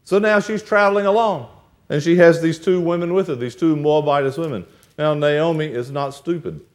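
A man's voice: fairly high pitch, moderate pace. A male preacher retelling a Bible story in a sermon, acting out the characters' lines as he goes.

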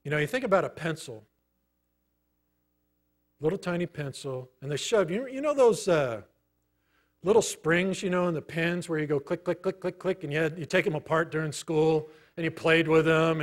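A middle-aged man preaching a sermon, telling a personal story in a conversational way with many pauses. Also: on the high side. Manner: storytelling, conversational, pausing often. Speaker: pastor.

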